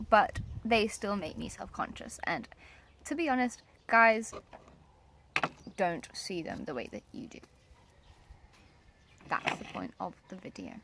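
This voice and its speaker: A woman's voice: medium pitch, fairly bright tone, slight background noise. Chatty, emphatic woman vlogger. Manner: chatty and emphatic, laughs often. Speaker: co-host of a couple's vlog. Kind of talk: casual chat.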